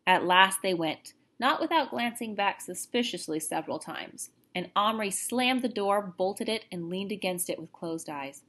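A teacher reads a children's chapter book aloud, her narration expressive and lively. She is a woman with a steady, middling voice, pacing the story for young listeners. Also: mid-range voice, moderate pace, few pauses.

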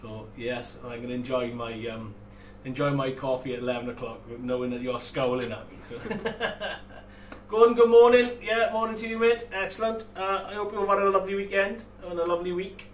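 A chatty man with a fairly high voice hosts a live stream from his workshop. He laughs often and stumbles through restarts and fillers. His voice is a little far from the mic in an echoey room, with faint background noise. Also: moderate pace. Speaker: host of a live model-making stream. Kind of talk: casual livestream chat.

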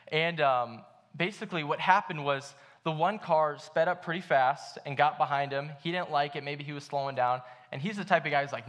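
A young man gives a sermon at church in a laid-back, storytelling way, full of "uh"s and "like"s. His voice sits a little on the higher side. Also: fairly quick, a bit bright. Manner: casual storytelling with many fillers. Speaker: pastor.

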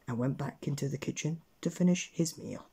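A man reading a bedtime story aloud in a gentle, expressive way. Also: on the high side, brisk, breathy edge.

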